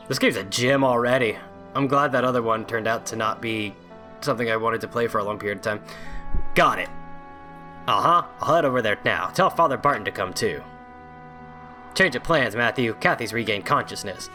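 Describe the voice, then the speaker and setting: A man's voice: medium pitch, expressive, fairly quick, bright, forceful tone, soft background music. A young man casually commenting on a video game, reading its text aloud, joking sarcastically and swearing often. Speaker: video game let's play host.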